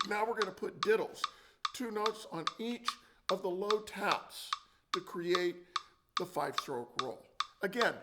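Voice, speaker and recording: A man's voice: high-pitched, heavy background noise. A man teaching a percussion lesson, explaining and counting out drum rhythms. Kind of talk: instructional demonstration. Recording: loud drumming and clicks behind.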